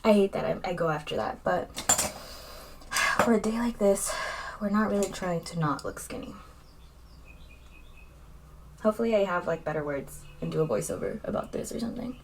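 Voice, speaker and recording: A young woman talks through her makeup routine in a loose, rambling way, full of fillers and candid asides. Her voice sits a little lower than most women's. A faint hiss runs under the home recording. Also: a little fast, creaky, long pauses, darkish tone. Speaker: vlogger. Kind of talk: casual makeup vlog chat.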